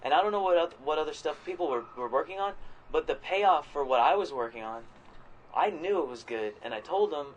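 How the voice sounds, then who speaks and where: A man chatting as a podcast co-host, with a voice pitched a little high. He rambles, swears freely and breaks into loud quoted voices. A faint hum sits underneath. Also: lively intonation, brisk, muffled recording. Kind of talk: casual chat.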